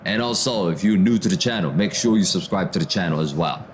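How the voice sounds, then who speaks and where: Casual streamer over background noise. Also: male voice, deep voice, quick pace. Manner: reads viewer comments aloud and answers them, calls out match action, slangy "bro". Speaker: livestream host reading chat during a football watchalong. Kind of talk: casual live commentary and chat reading.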